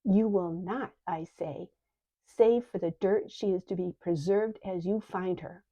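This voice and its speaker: Haughty sing-song man, commanding, played by a woman, dark mellow tone, muffled lo-fi audio. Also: on the low side, unhurried. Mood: stern. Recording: dull lo-fi recording.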